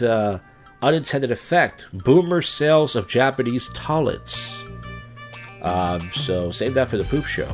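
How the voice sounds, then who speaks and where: A man live streaming, reading odd news headlines in a crude, rambling way with off-the-cuff jokes. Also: medium pitch.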